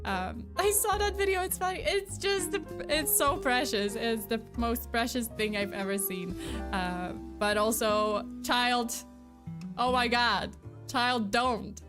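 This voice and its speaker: A woman's voice: fairly high pitch, takes it slowly, music in the background. A woman hosting a stream, chatting casually in a giggly, rambling way and then reading a scripted story. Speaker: vtuber streamer host. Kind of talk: casual chat and scripted narration.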